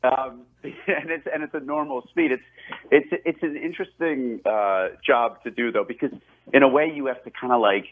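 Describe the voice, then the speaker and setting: A forties-aged actor and director, appearing as a guest, speaks in a mid-range voice at normal speed during a casual phone interview. He rambles, runs himself down, restarts and laughs frequently, while the tinny line adds slight background noise.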